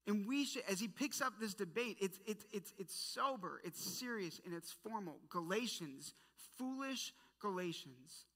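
Bright-voiced woman teaching scripture. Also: mid-range voice, moderate pace, hardly any pauses. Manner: animated, conversational, playful asides. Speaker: Bible teacher. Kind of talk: casual Bible study teaching. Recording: long hall reverb.

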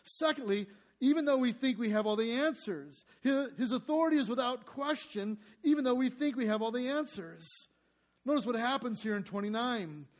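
High-voiced man preaching a sermon. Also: moderate pace. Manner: earnest, asks the congregation rhetorical questions; reads scripture aloud with emphasis.

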